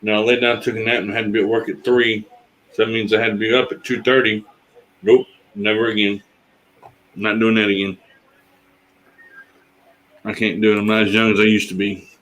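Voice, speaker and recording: Low-voiced man in his forties rambling. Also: little pitch movement, fairly quick, long pauses, fairly bright tone, low-quality recording. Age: 40s. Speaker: fellow streamer. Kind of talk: casual chat.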